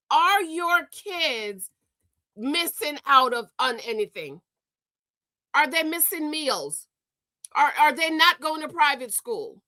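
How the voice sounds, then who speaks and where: A woman's voice: sits high, big pitch swings, slow pace, bright, forceful tone, no echo. A woman hosting a gossip commentary show, exasperated and scolding, stammering and repeating herself as she rants. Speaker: host.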